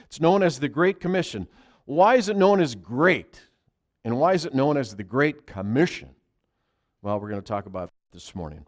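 A male pastor preaching a sermon, pressing key phrases hard and then dropping into quiet asides. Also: medium pitch, sing-song, measured pace.

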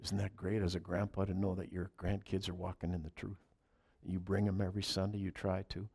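A man preaching a conversational sermon, moving between loud, emphatic scripture reading and quiet asides to his congregation. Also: deep voice, level tone, brisk, breathy edge. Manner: chats with the congregation. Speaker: pastor.

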